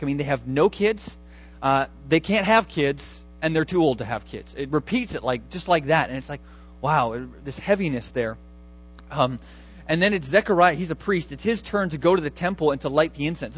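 A man preaches in a relaxed, conversational way, thinking aloud and doubling back on his words as he works through scripture. His voice sits a little higher than most men's. The recording is dull and a bit lo-fi. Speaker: pastor. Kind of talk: sermon.

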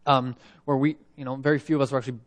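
A man's voice: medium pitch, level tone, very fast. A man preaching a sermon from Canada, reading scripture aloud and asking reflective rhetorical questions. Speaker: pastor.

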